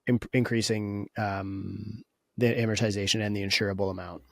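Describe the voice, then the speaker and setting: A man's voice: on the low side, fairly even intonation, moderate pace, gravelly, no echo, clean studio sound. A man co-hosting a podcast in casual discussion, opinionated and thinking aloud with frequent restarts. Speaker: podcast co-host.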